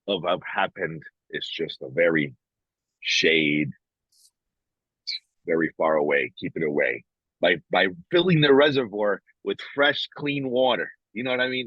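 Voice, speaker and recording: Low husky man talking bluntly. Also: dry recording, dull audio. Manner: frank, blunt, swears freely; reflective, with many restarts. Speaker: podcast co-host. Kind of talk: casual podcast conversation.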